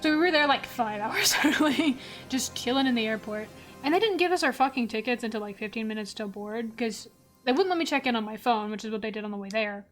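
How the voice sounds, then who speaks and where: A woman's voice: a little high, brisk, faint music behind. A woman streamer chatting casually while she draws, telling a story with frequent laughter and plenty of swearing. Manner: animated, laughs often, swears freely.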